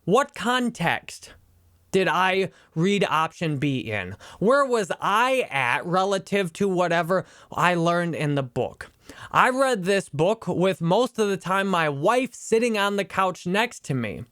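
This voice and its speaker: Guy in his 30s talking thru a book he read, kinda high voice, real personal and earnest, dry close sound. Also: a bit bright, no room sound. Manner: earnest, personal, emotionally open. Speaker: online instructor. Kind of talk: reflective book review talk.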